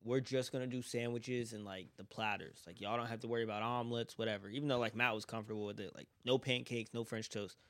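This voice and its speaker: A man's voice: medium pitch, steady tone, quick pace, hardly any pauses, fairly bright tone. Young man telling profane work stories. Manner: profane, laughing, acts out coworkers' lines. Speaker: former restaurant worker. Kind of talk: casual storytelling among friends.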